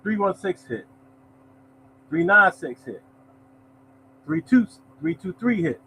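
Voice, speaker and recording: A man runs a casual live lottery show, slightly high-voiced and loose in tone. He keeps up a friendly running chatter, greeting viewers and saying "y'all" often. A faint background hiss sits under his voice. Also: sing-song, takes it slowly, sharp tone, low-quality recording. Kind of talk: casual live-stream chat, reading results.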